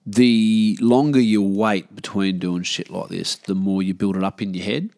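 Australian man, podcast host, casual rambling chat, low voice, dry recording. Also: steady tone, normal speed, vocal fry, darkish tone, no room sound. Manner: rambling, swears freely, laid-back. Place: living room at home.

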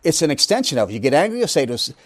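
A man's voice: a little high, big pitch swings, racing, dry recording. A man preaching a Bible lesson, emphatic, asking rhetorical questions and making joking asides. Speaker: pastor teaching a Bible study. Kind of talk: sermon.

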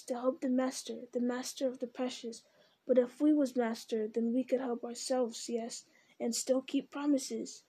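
A woman's voice: a little high, mellow, husky. A woman voicing a wretched male creature who argues with himself in a whining, wheedling voice. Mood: scheming. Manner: whining, wheedling, hissing repetitions. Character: wretched creature, male, split into two bickering selves.

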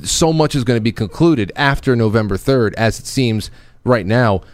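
A man hosting a talk show in casual chat, often halting and restarting his sentences. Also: medium pitch, animated, no room sound. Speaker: podcast host.

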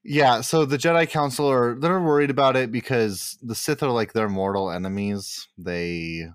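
A young man talks through a casual podcast chat, rambling and full of fillers. His voice sits at a middle pitch. The sound is dry and close, with no room around it. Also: normal speed, clear, resonant tone, dry recording. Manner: animated, rambling with many fillers. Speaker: podcast co-host.

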